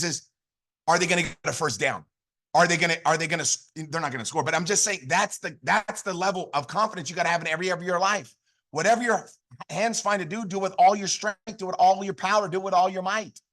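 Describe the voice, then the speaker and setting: A man gives a high-energy motivational talk at a sales training, his voice sitting high, pushed and bright. He is fired up and emphatic, hammering home the same exhortations again and again.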